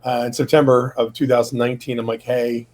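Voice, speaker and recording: A man's voice: mid-range voice, flat delivery, fast talker, darkish tone, poor audio. Rambling middle-aged man telling his story. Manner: rambling, many fillers, acts out quoted dialogue. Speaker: guest sharing testimony. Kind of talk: casual personal storytelling. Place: his home office.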